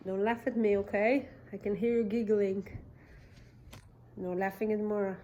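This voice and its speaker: A woman preschool teacher reading a picture book aloud to toddlers, animated, with gasps and sudden whispers. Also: medium pitch, moderate pace, dull audio, slight background noise. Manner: animated, gasping, dropping to whispers.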